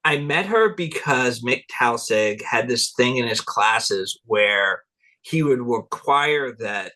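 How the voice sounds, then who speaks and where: Bright-voiced man telling stories with laughs. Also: mid-range voice, slow pace. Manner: rambling, laughs often, quotes people in animated voices. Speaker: guest, cultural anthropologist. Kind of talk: relaxed interview storytelling.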